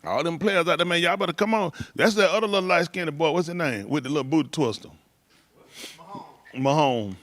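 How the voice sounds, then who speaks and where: Here the storyteller's voice is on the high side and a little fast. In casual conversation he rambles loosely, laughing now and then and throwing in shouted impressions.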